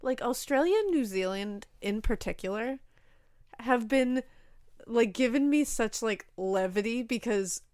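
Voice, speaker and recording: A woman co-hosting a podcast in casual chat, animated, swearing freely and laughing often. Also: on the high side, unhurried, no echo, clean studio sound. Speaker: podcast co-host.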